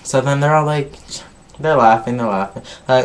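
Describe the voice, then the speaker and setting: A man's voice: medium pitch, moderate pace. A man casually recapping a reality show episode, gossipy and full of swearing, skipping ahead with filler. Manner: gossipy, swears a lot, skips ahead with "blah, blah, blah". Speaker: vlogger reviewing a reality show.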